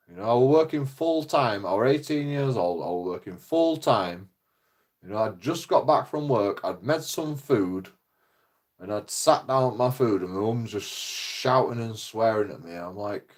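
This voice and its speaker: Man, casual rambling rant, heavy swearing, middle pitch. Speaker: vlogger.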